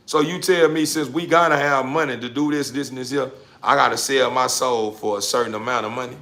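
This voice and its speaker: Talking fairly quickly in a steady tone, this man lectures the listener directly in a motivational street-style rant. As a social media commentator, he circles back to the same points, shifting from quiet mumbles to forceful outbursts.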